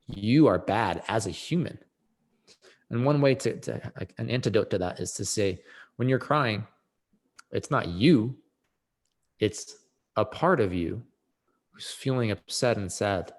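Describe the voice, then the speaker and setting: A man's voice: lowish voice, lively intonation, measured pace, long pauses. A man speaking as a podcast guest, explaining emotional healing in an earnest, explanatory way, rising sharply for emphasis. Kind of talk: reflective conversation on emotional healing.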